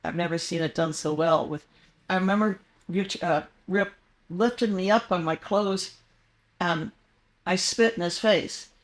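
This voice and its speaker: A woman's voice: lowish voice, unhurried. An older woman, a guest in a casual interview, telling meandering anecdotes with frequent fillers and restarts.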